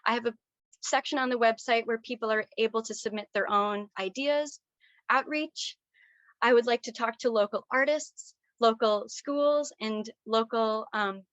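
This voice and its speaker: Tearful woman grad student, earnest and halting, slightly high voice, dry muffled call audio. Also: a bit bright, no room sound. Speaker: graduate student presenter. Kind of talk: thesis presentation on a video call. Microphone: video call.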